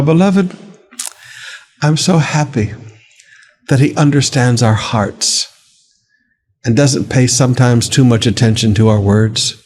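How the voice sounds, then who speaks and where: A man's voice: mid-range voice, darkish tone. A man, a pastor, giving a devotional sermon in a conversational preaching manner, calling his listeners beloved and lifting his voice for emphasis.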